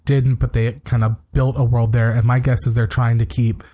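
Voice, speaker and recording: A man in an easygoing podcast chat, running through a recap at a lively clip and tossing in blunt opinions. His pitch sits right in the middle for a man's voice, and the delivery stays loose and conversational. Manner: brisk, opinionated retelling with quick asides. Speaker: podcast co-host.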